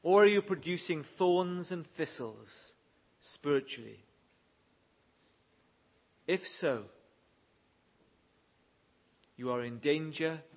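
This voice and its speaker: A man's voice: medium pitch, vocal fry. A man preaching a sermon, reading scripture verses aloud and pressing his listeners with earnest questions. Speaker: pastor.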